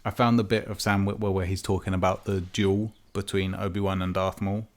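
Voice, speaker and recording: A man co-hosting a casual gaming podcast, relaxed, thinking aloud and correcting himself as he goes. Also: low voice, a little fast. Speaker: podcast co-host.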